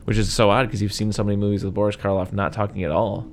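A man's voice: fairly low pitch, flat delivery, quick pace, slight background noise. A man co-hosting a podcast, casually retelling an old film with jokes and silly character voices. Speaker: podcast co-host. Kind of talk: casual movie chat.

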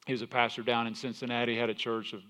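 A man's voice: medium pitch, fast talker. A male pastor preaching a sermon, telling stories animatedly, with frequent restarts. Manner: animated storytelling with repeated restarts.

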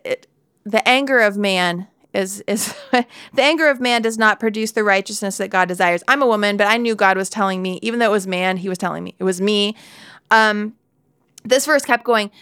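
A woman's voice: medium pitch, fairly bright tone, clear, resonant tone, no echo. A woman in her forties giving a candid devotional Bible talk, telling a personal story with laughs and asides, into a close studio mic.

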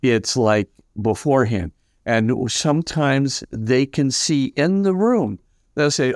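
Lively older priest telling stories. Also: male voice, medium pitch, takes it slowly, no echo, studio quality. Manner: lively, acts out quoted voices, many fillers. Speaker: priest and guest. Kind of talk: animated anecdotal storytelling.

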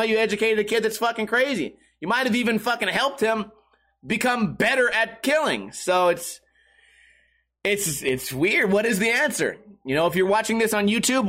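A man's voice: high voice, a bit bright. A young man reading news articles aloud and commenting on them in a rambling way, swearing constantly and restarting his sentences. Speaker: streamer reacting to news articles. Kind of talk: casual profane commentary.

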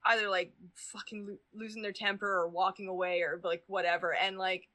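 A woman with a bright, crisp tone and a middle-pitched voice. She is a podcast guest, rambling through a casual chat with plenty of "um" and "like". She swears freely along the way. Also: little pitch movement, a little fast. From Canada.

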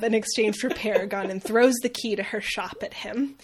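A woman hosting a casual comedic book recap, wry and quick to laugh, tossing off quick voices for the characters. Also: mid-range voice. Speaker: podcast host recapping a novel.

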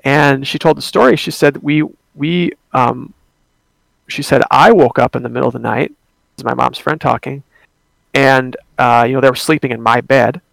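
A man's voice: mid-range voice, normal speed, gravelly, fairly bright tone, dry recording. A young man telling a personal ghost story in a casual, rambling way, with many fillers and restarts.

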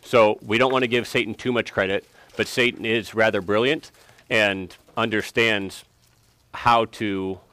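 A man's voice: on the low side, fairly even intonation, measured pace, bright, forceful tone, clean tone, no room sound. Emphatic man teaching a Bible lesson. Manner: questioning, emphatic, prods students for answers.

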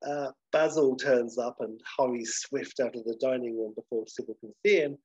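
Husky guy rambling through a show recap, dry dull lo-fi sound. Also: medium pitch, darkish tone, no room sound. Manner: rambling, many fillers. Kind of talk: casual episode recap.

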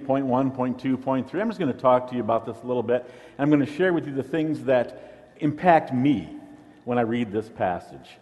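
A man's voice: medium pitch, lively intonation, moderate pace, a little mellow, in a large hall, dull audio. A man pastor preaching a sermon, teaching in an earnest way and often repeating a word as he restarts.

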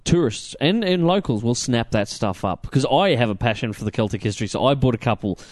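An Australian man co-hosting a podcast, chatting casually in an animated, rambling way with plenty of fillers and restarts. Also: medium pitch, fast, no room sound, studio quality. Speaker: podcast co-host. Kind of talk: casual chat.

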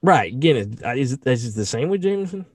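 Animated, swearing podcast co-host man. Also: medium pitch, a little fast, breathy edge, no room sound, studio quality. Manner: animated, profane, jokey. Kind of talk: casual podcast chat.

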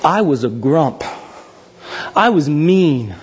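Animated husky-voiced pastor preaching. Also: male voice, highs cut off. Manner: animated, swings from loud high exclamations to slow hushed pleading. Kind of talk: sermon.

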